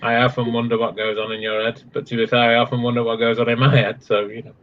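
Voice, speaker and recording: Man co-host, dry sarcastic wit, mid pitch, casual swearing, muffled lo-fi audio. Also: little pitch movement, fast talker, slight background noise. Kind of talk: late-night livestream chat. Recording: slightly dull lo-fi sound.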